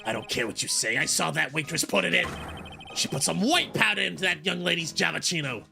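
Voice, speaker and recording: A man's voice: on the high side, lively intonation, brisk, creaky, music in the background, pitched above the performer's own voice. A man voicing a grumpy old man who feeds pigeons, ranting and sputtering as he reads a visual novel aloud. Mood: indignant.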